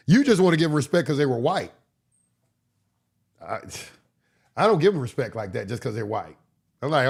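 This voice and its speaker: Hoarse, blunt man lecturing with a cold. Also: a little high. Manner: blunt, profane, preachy. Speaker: online course instructor. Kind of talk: casual livestream lecture.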